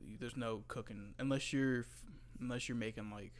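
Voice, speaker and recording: A man's voice: medium pitch, fairly even intonation, a little fast. A young man from North Carolina who works as a butcher, chatting casually and profanely, acting out his customers as he tells stories. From North Carolina, USA. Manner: profane, storytelling, acts out customers. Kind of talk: casual chat.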